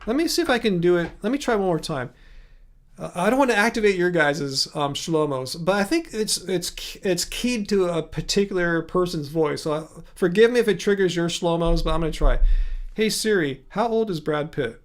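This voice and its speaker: Guy with a higher voice doing a laid-back livestream from his home studio, reading chat and rambling. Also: expressive, a little fast. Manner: chatty, thinks aloud, many restarts. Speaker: livestream host.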